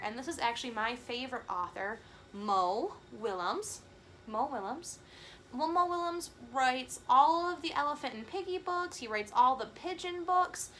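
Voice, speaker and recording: Young woman, camp teacher, children's lesson, lively pitch, bright tone, encouraging. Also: slight background noise. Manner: gentle, encouraging, slow and clear for young children. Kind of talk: children's video lesson and read-aloud.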